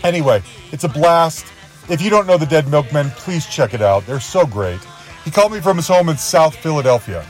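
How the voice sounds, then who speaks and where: A man's voice: a little high, expressive, fairly quick, faint music behind. A man hosting a podcast, introducing his guest with fan-like enthusiasm and a habit of repeating himself. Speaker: podcast host.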